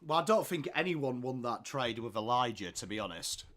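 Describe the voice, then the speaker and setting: At a medium pitch and normal speed, a man from England hosts a live football watchalong, commentating on play and chatting with viewers. He reads comments aloud in a chatty way and gets excited when goals are scored.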